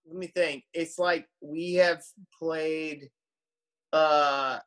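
A man's voice: fairly high pitch, fairly even intonation, drawn-out words, a bit bright. A man, a musician guest, telling tour stories in casual podcast chat, rambling with lots of fillers and restarts.

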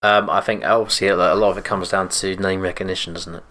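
Co-host, British man, deep voice, relaxed casual delivery. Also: fast talker. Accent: British English. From Britain. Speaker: podcast co-host. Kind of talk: casual chat.

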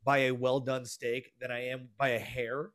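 A man from the American South chats casually on a podcast. He gets excitable and swears a lot, and his voice sits at an ordinary middle pitch. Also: moderate pace. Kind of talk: casual profane podcast chat.

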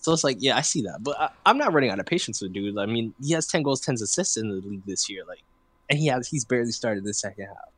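A young man in casual soccer chat with friends, animated and rising in pitch when excited. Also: fast talker.

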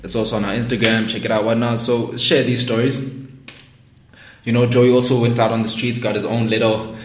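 A man's voice: medium pitch, flat delivery, a little fast, echoey room, noisy background. A man hosting a podcast in casual, slangy chat, laughing often. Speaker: podcast host.

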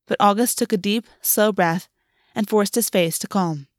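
A woman narrating a fantasy story in a measured, expressive way. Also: mid-range voice, no room sound, clean studio sound. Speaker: audiobook reader.

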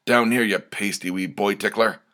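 A man doing a gruff little forest troll, deep voice, storybook reading. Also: steady tone, normal speed, bright, forceful tone.

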